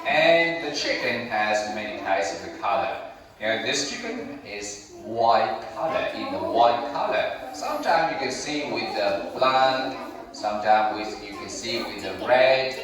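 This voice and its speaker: A man's voice: medium pitch, lively intonation, unhurried, a crowd in the background. A man with a Vietnamese accent teaching English words to small children, speaking in simple phrases and coaxing them to repeat after him. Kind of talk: classroom teaching with call-and-repeat. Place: large echoey classroom or hall. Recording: echoey hall, mic far off, noisy children.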